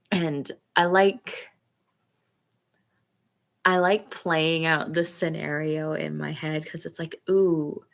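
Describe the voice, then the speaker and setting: Female author, lowish voice, unhurried and hesitant, chatting with viewers. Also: gravelly. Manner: hesitant, filler-heavy, self-conscious. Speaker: author hosting a live chat. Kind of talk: casual livestream chat.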